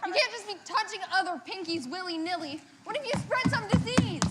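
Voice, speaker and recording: A woman's voice: extremely high pitch, expressive, brisk. A young woman improvising as a rebellious pinky finger, talking playfully and scolding by turns. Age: young adult. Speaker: improv performer. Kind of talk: live improv scene. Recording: noisy live hall with crowd.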